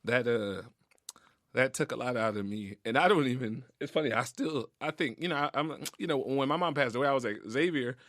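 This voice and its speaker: Podcast guest: a man of middling pitch, reflective, slangy and openly emotional, on a dry studio mic. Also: brisk, a bit bright, no echo. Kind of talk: casual heartfelt conversation.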